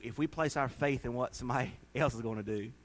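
A man preaching a sermon as pastor, folksy and conversational, then building to shouted, drawn-out preaching. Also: mid-range voice.

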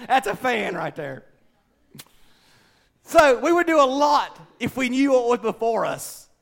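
A middle-aged man preaching a folksy, conversational sermon, swinging between loud and quiet. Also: very high voice, very animated, takes it slowly, vocal fry, pauses often. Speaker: pastor.

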